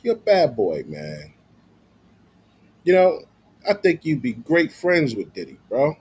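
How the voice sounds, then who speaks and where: A man's voice: medium pitch, wildly swooping pitch, slow pace, darkish tone, slightly rough. A man streaming casual, profane commentary, slangy and loose with lots of filler.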